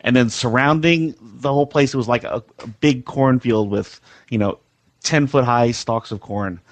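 A man on a podcast call as a guest, relaxed and easygoing. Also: medium pitch, a little slow, no echo. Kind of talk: casual chat.

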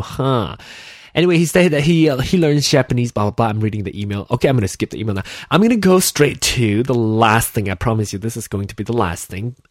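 A man's voice: mid-range voice, no echo, clean studio sound. Rambling Malaysian man hosting a podcast. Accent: Malaysian English with a slight British touch. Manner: rambling, chatty, many restarts and self-corrections. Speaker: podcast host. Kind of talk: casual solo podcast chat.

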